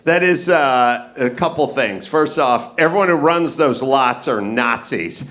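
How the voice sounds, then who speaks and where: A man hosting a live comedy podcast, telling stories and acting out dialogue with big swings in his voice. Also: measured pace. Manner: animated, acts out dialogue with big pitch swings. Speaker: podcast host. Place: live podcast on stage before an audience.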